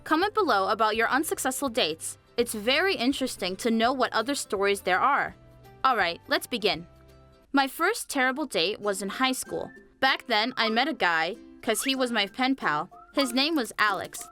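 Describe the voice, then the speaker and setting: A young woman narrating a scripted animated story, chatty and speaking straight to viewers. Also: a little high, normal speed. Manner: chatty, addresses viewers directly. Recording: faint music behind the voice.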